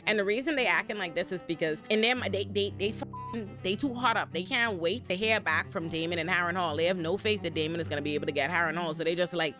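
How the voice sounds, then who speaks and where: A woman's voice: fairly low pitch, fast, over music. Sassy, profane woman recapping a show. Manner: animated, sassy and profane, with lots of asides. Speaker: recap host. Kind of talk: casual commentary recap.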